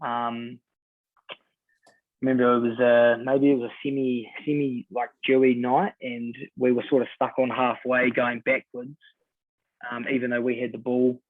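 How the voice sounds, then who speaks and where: A New Zealand man in his twenties, a podcast guest telling stories in a relaxed way, full of ums and sort-ofs. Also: mid-range voice, normal speed, no room sound. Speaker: guest rugby player. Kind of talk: casual podcast chat. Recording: dry, tinny phone-like sound.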